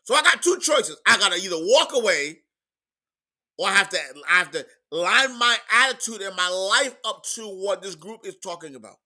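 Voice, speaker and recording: A man preaching a sermon in an emphatic, repetitive style, moving between quiet stretches and loud outbursts. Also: sits high, lively intonation, moderate pace. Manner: emphatic preaching, repeats words, swings from soft to loud.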